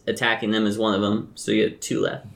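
Male game master for a casual tabletop session: low, gravelly voice, easygoing. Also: quick pace. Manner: relaxed, laughs often.

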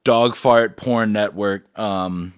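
A man's voice: lowish voice, steady tone, slow, smooth, no echo, studio quality. A man co-hosting a comedy podcast, trading crude casual banter with a crude, incredulous manner and frequent laughter. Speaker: podcast co-host.

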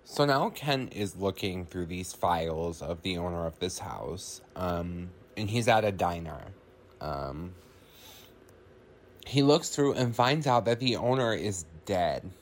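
A man's voice: sits low, animated, slow pace, a little hiss or hum. A man hosting a podcast, recapping a film in a loose, profane, casual way with many ums and likes.

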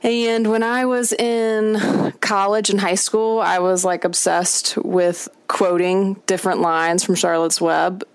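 A woman's voice: mid-range voice, fairly even intonation, slow pace, few pauses, clear, resonant tone, no echo. A woman, a former guest of the podcast, chatting casually in an amused way. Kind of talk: casual chat.

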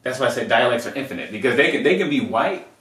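A man's voice: mid-range voice, lively intonation, quick pace, a bit bright, roomy sound, distant mic. A man co-hosting a podcast, explaining his points earnestly in casual banter. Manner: earnest, explains at length, laughs easily. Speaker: podcast co-host.

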